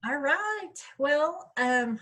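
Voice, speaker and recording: A middle-aged author, speaking over video call to a writers' workshop, rambles casually about her audiobook in a high, animated, slightly bright voice. She talks extremely slowly, and the recording is low quality.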